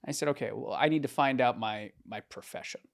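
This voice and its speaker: A man's voice: medium pitch, fairly quick, vocal fry. A man co-hosting a podcast, bantering and teasing his friends. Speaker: podcast co-host. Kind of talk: casual comedic chat.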